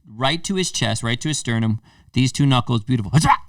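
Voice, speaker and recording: Acting out the quotes as he goes, this animated podcast host in his thirties tells a casual story at a fairly quick clip. His voice is mid-range, and the studio-quality recording has no echo but was made on a distant mic.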